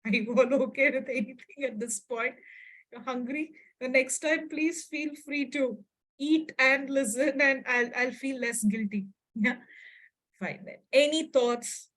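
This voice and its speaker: A woman's voice: sits high, unhurried, rough recording. A woman psychologist teaching an interactive online workshop, acting out short example dialogues and often checking in with her listeners. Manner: expressive, acts out example dialogues, checks in with audience.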